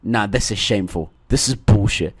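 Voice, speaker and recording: A young man commentating on a football game, excitable and profane, with stuttered restarts and shouted outbursts. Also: lowish voice, moderate pace, husky. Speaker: gaming streamer.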